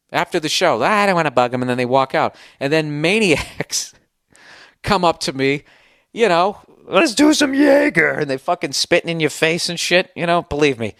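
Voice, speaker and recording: An American man hosts a comedic podcast rant, sounding sarcastic, profane and exasperated. His voice is on the high side with a fairly bright tone, recorded as clean studio sound with no room sound.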